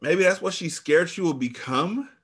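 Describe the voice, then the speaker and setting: A man hosting a book club podcast, reacting to the story with animated exclamations and drawn-out remarks. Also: sits high, slightly rough. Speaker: podcast host.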